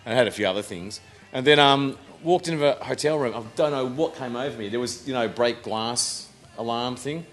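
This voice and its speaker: A man's voice: mid-range voice, fairly quick, fairly bright tone, soft background music. A man in his thirties with an Australian accent, a band member rambling through anecdotes in casual chat and swearing freely. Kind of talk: casual storytelling.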